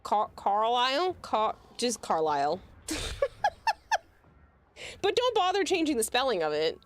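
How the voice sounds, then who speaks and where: A woman's voice: on the high side, wildly swooping pitch, unhurried. Chatty New woman streaming. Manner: chatty, explaining with amused laughs. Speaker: livestreamer. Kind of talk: casual livestream chat.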